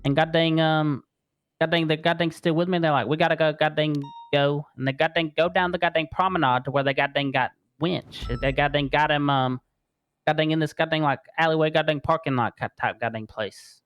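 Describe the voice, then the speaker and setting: A man's voice: on the high side, steady tone, brisk, a bit bright, smooth, lightly acted. A man voicing a rattled male crime witness in a role-play game, who stuffs the same curse word into nearly every phrase while giving a statement.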